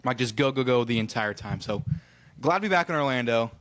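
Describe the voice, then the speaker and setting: A man from Ohio co-hosts a casual podcast, telling long rambling stories. His voice sits at an ordinary middle pitch. He acts out the people he met and drops in the odd swear word. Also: expressive, brisk, fairly bright tone. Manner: rambling storyteller who acts out quoted exchanges, swears casually. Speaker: podcast co-host. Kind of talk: casual chat.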